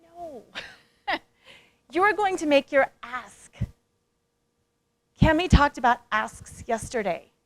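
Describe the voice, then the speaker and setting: High-voiced woman giving a lively keynote. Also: slow pace, pauses often, no echo. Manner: lively, playful, engages audience with questions; acts out quoted voices. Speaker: speaker and coach. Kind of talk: motivational conference talk.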